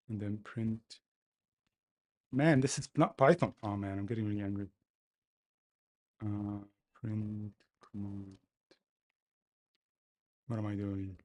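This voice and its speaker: A man talking to himself as he codes, complaining loudly, then explaining each step casually. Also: lowish voice, completely flat delivery, slow, long pauses. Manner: exasperated, talks to himself while coding. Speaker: developer livestreaming his coding. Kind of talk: casual coding commentary.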